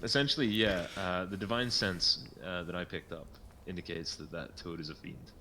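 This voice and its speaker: A man playing in a tabletop game, rambling through his actions with lots of fillers and quick laughs. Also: low voice, bright, forceful tone, slight background noise. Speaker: player. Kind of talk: casual tabletop chat.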